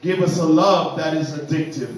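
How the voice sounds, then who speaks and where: A man's voice: a little high, moderate pace, a little hiss or hum. A man leading a fervent opening prayer at a church Bible study, building his petitions in rhythmic repeated phrases. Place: church, indoors. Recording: very echoey church room, mic far off.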